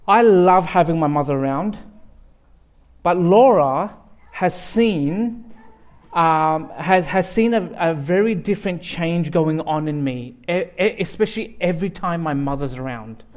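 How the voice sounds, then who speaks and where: A man's voice: fairly high pitch, a little slow. A man with an Australian accent, a guest pastor giving a sermon in a joking, conversational way.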